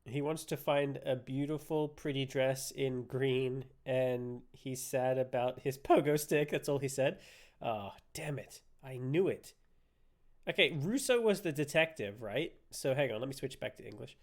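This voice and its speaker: A man's voice: mid-range voice, unhurried. A man streaming a game live, commenting playfully and laughing as he jokes with his audience. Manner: playful, laughing, joking with chat.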